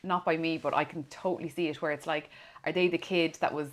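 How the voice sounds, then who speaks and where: An Irish woman in her thirties, a former police officer, telling stories in a relaxed chat and acting out the voices of people she quotes. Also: deep voice, fast talker. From Ireland. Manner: animated storyteller, acts out quoted voices. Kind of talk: casual conversation.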